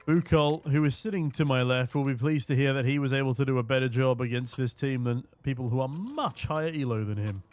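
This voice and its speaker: A hoarse young man casting an esports match from a booth, with quick, joking play-by-play. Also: mid-range voice, a little mellow. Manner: quick, jokey, punning play-by-play. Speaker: esports caster. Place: casting booth at a live event.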